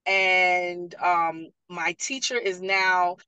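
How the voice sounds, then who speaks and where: A woman with a lowish, smooth voice speaks very slowly, telling lively stories in a casual panel talk and voicing the quotes of others. She is a parent liaison who also graduated from the program. The low-quality recording has no room sound.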